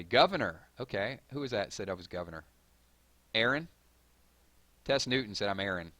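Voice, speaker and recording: A man with a Southern drawl hosting a live stream, reading viewer comments and hyping up his audience in a rambling, excitable way. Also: fairly low pitch, dry recording. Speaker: gaming channel host.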